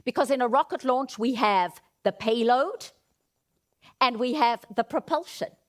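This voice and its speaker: Woman keynote speaker on stage, lively, a bit high, coaching the crowd. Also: measured pace. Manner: animated, leads audience in vocal exercises. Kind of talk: motivational keynote speech. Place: auditorium stage.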